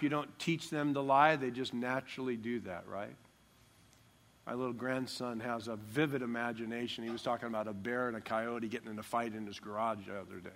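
A man's voice: medium pitch, fairly bright tone. An older man preaching a sermon as pastor, emphatic and joking, stressing key words.

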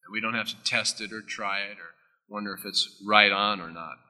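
A male pastor delivers a sermon in a sharp, very bright voice. He swings between loud, emphatic declarations and quiet, intimate asides, and his words trail off into the long reverb of a big hall. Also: on the low side, fairly even intonation, moderate pace. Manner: emphatic, with sudden drops into soft, intimate asides.

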